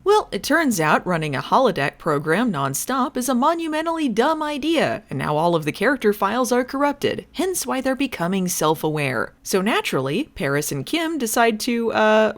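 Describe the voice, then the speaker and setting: A woman's voice: fairly high pitch, sing-song, normal speed, few pauses. A woman giving a sarcastic, joking recap of a TV episode, swearing freely. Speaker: recap commentator. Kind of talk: comedic episode recap with voice impressions.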